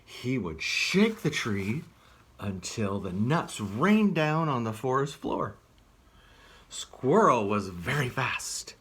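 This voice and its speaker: A man reading a picture book aloud as a children's librarian, gently asking the listener questions. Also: medium pitch, very animated, takes it slowly, breathy edge.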